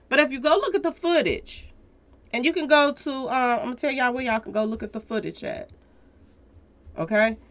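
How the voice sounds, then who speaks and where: A woman's voice: fairly high pitch, fairly bright tone. A woman hosting a casual news commentary, talking straight to her viewers, repeating her points with emphasis. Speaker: commentary channel host.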